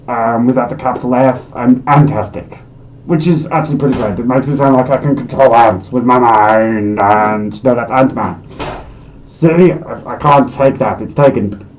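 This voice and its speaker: A man playing a paranoid goblin who hosts a comedy web series, ranting in a frantic, conspiratorial way that swings from muttering to shouting. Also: medium pitch, a little hiss or hum, close to an everyday voice, low-quality recording. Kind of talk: scripted comedic rant to camera.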